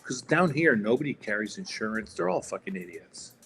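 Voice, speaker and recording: Profane rambling storyteller, low-voiced man. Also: expressive, fairly quick, gravelly, a bit bright, faint music behind. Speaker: day trading streamer. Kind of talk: casual live-stream chat.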